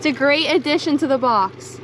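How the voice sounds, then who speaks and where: A woman vlogging in a casual, excitable way, talking to viewers from a small boat. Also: sits high, moderate pace. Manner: upbeat, excitable. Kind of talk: casual vlog narration. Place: small boat on the sea, outdoors. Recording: outdoors on a boat, noisy wind and water.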